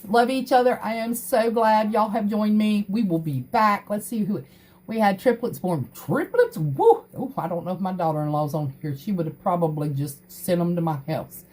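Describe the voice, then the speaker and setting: A woman's voice: medium pitch, normal speed, a little mellow. A middle-aged woman hosting a crafting livestream, chatting earnestly and greeting viewers by name. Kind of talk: casual livestream chat.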